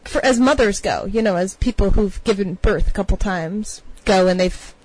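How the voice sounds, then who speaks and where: A woman's voice: medium pitch, normal speed, darkish tone, no echo, poor audio. A young adult woman co-hosting a casual podcast, joking and laughing often. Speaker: podcast co-host. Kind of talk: casual chat.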